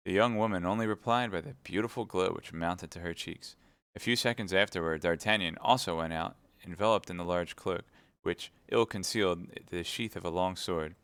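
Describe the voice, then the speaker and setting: Deep-voiced guy streaming an audiobook read, chats with viewers, dry close mic. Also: moderate pace, clear, resonant tone, no echo. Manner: steady reading with chatty asides to viewers. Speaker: streamer reading a novel aloud. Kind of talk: live-streamed audiobook reading.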